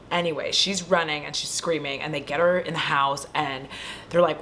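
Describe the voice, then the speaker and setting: Chatty woman with a low voice, swearing through a recap. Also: moderate pace, slight background noise. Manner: animated, swears freely, chatty asides to viewers. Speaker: horror movie recap vlogger. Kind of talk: casual profane movie recap. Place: at home.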